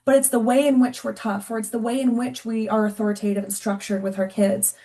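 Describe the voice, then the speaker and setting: Quick-talking woman guest. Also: a little high, flat delivery, dark tone. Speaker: podcast guest, parenting expert. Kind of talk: casual interview conversation.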